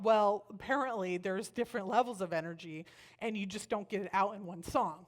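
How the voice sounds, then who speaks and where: A woman speaker giving a personal storytelling talk at a church, animated and acting out the voices she quotes. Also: medium pitch, brisk.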